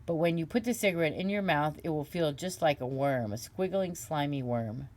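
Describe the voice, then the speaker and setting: A woman reading aloud and voicing a sly male psychiatrist, who talks in a slow, soft, hypnotic murmur. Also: sits low, natural voice. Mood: quiet.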